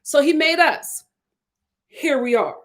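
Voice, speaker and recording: A woman's voice: sits high, animated, takes it slowly, fairly bright tone. A woman giving a casual, opinionated live review of a TV episode. She laughs often and acts out what people said. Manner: chatty and opinionated, acts out quotes in voices; laughs often while talking. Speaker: TV show reviewer.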